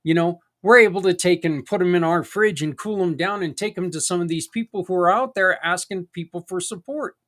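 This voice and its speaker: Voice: medium pitch, fairly quick, few pauses, a bit bright. A podcast host talking in a casual, earnest monologue, folksy and rambling with tangents and mild swearing. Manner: earnest and encouraging.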